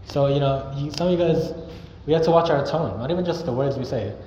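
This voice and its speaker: A man's voice: on the high side, a little fast, dark tone. A young man preaching a sermon in an earnest, conversational way, now and then acting out sample greetings. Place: church hall. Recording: echoey, dull hall recording with noise.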